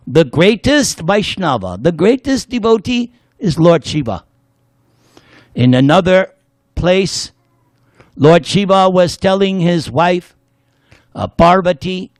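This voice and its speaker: Animated, slow-talking male lecturer. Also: a little high, no room sound, clean studio sound. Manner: playful, leads the audience in call-and-response chanting; storytelling with jokes. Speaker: spiritual lecturer. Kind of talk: devotional class lecture.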